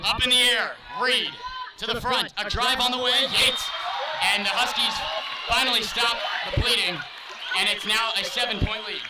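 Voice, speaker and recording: Male play-by-play caller, high voice, fast raised calls, voice wearing thin; mic far off, noisy crowd behind. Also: steady tone. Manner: rapid, raised play-by-play calling. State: losing his voice. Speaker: play-by-play announcer. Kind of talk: live sports commentary. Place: school gym broadcast booth. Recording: distant mic, loud crowd noise. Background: loud cheering crowd.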